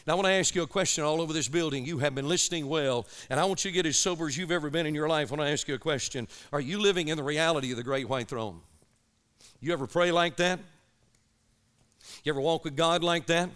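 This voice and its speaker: Urgent, bright-voiced male preacher. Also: a little high, quick pace, smooth. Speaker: evangelist preacher. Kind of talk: sermon to a youth camp.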